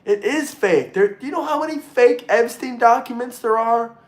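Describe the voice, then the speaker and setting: Streamer dude chatting w his viewers, fired up, cusses a lot, pretty high voice, echoey room. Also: normal speed. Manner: excitable, swears freely, repeats himself. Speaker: livestream host reading chat. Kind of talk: casual livestream chat. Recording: roomy echo.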